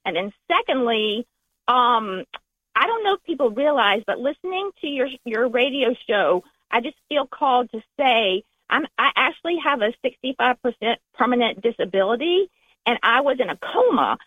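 High-voiced Southern woman on a phone line. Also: sing-song, normal speed, no echo. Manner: warm, gushing, restarts her phrases. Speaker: caller. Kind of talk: call-in phone conversation.

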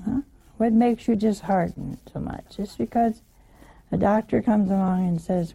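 An older woman gives a homey, informal sermon at an unhurried pace. Her voice is gravelly and mellow, and she keeps asking her listeners questions and laughing along with them. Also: mid-range voice. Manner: chatty, asks the listeners questions, laughs often. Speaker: religious teacher.

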